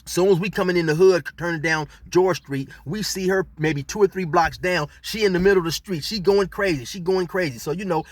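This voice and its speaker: A man's voice: sits high, fairly quick, hardly any pauses, no echo. A middle-aged man telling a street story in laid-back slang, rambling with fillers as he goes. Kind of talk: casual storytelling.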